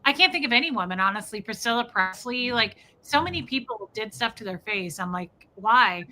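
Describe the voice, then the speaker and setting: A woman's voice: fairly high pitch, a little fast. A woman co-hosting a podcast, retelling a movie scene in casual chat, full of "like" fillers. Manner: animated storyteller, many "like" fillers. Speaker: podcast co-host.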